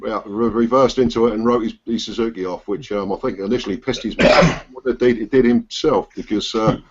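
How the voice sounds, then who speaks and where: Slightly fast and fairly low-pitched, this Suffolk-accented man from England chats loosely while hosting a biker get-together on a video call. His talk is full of fillers and restarts, with slight background noise over dull, lo-fi audio.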